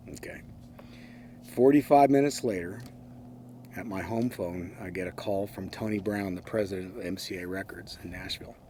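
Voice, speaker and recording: An older man telling anecdotes in a relaxed, wry way, with frequent ums and uhs. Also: deep voice, moderate pace, slight background noise. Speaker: interviewee. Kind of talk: casual anecdotal storytelling.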